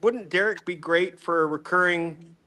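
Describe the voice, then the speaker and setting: Texan host dude, high bright voice, all over the place, excitable and goofy. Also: male voice, moderate pace. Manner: animated, playful, excitable. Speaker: podcast host. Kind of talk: casual podcast chat.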